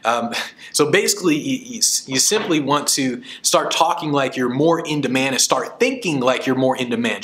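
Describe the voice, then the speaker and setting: A man's voice: medium pitch, fairly bright tone. A man talks in a casual, earnest way about how a speaker can come across as in demand. He often repeats a word as he restarts a thought, and he keeps the tone of friendly coaching. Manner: storytelling, acts out voices in quotes. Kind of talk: casual advice talk.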